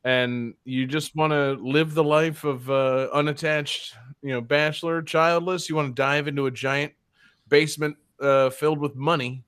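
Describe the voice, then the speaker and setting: A man's voice: a little high, fairly even intonation, normal speed, fairly bright tone, smooth, no echo, studio quality. A man hosting a podcast in a casual, joking chat, swearing freely. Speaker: podcast host.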